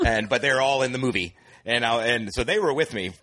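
A man guesting on a podcast, rattling through a rambling story at a quick clip. His voice sits at a middle pitch, and his telling is loose and chatty, full of fillers and restarts. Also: sharp tone. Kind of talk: casual chat.

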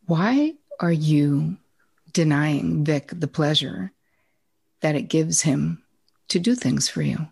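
A woman voicing her own mother, giving firm, slow, insistent advice. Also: low voice, expressive, creaky, darkish tone, slightly rough, exaggerated voice.

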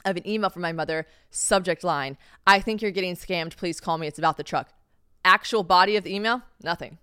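This Tennessee podcast host, a young adult woman, has a lowish, fairly bright and smooth voice recorded in clean studio sound with no room sound. She's in casual storytelling mode, chatty, profane and self-deprecating, performing the voices of the people she quotes.

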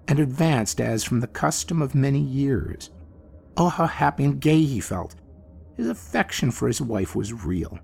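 A man narrating a classic horror story in an expressive, theatrical manner. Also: mid-range voice, gravelly, slightly rough. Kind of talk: dramatic horror story reading. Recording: faint music bed behind.

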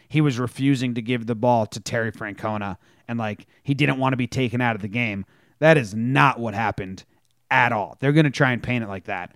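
A man's voice: medium pitch, dry recording, studio quality. A man co-hosting a casual sports podcast, retelling game moments and acting out the players' lines. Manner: animated storytelling, acts out quotes. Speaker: podcast co-host.

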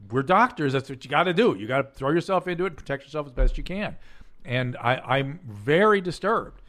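An older man with an even, middle-pitched voice talks as a physician host. He speaks earnestly and explains things, often stumbling over his words and restarting before he reaches his point. The delivery is loose, conversational podcast chat. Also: fairly quick. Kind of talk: casual chat and call-in advice.

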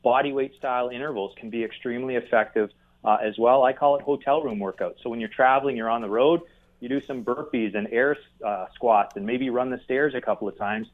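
Man explaining over a tinny phone line. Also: medium pitch. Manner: measured, explanatory. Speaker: guest expert on a call-in. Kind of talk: interview answers.

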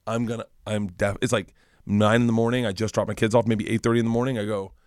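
A man's voice: on the low side, fast, clean tone, dry recording, studio quality. A middle-aged man from Florida, a comedian guest who tells profane, rambling stories in a casual podcast chat. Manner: rambling, profane, animated storyteller.

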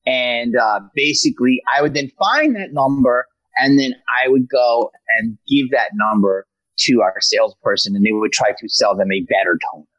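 Male comic guest, lively storyteller, dry close sound. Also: medium pitch, moderate pace, few pauses, dry recording, lo-fi sound. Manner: animated storyteller, slips into character voices. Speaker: guest comedian. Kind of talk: casual podcast chat.

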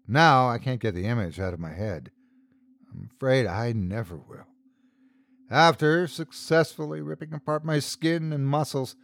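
A man's voice: mid-range voice, no echo. A man narrating a scripted first-person horror story as podcast host, telling it dramatically.

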